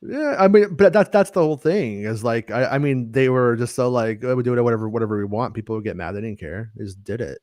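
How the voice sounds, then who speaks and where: A man's voice: medium pitch, lively intonation, fairly quick, few pauses, a little mellow, no echo, clean studio sound. Stammering, joking male podcast host. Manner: stammering restarts, joking rants. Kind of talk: casual live-stream chat.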